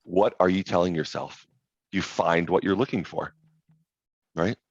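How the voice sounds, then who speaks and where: A man hosting a group coaching call, talking in an animated, motivational way over video call. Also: sits low, a little slow, breathy edge, dry recording, highs cut off. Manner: animated, motivational, quotes inner voices.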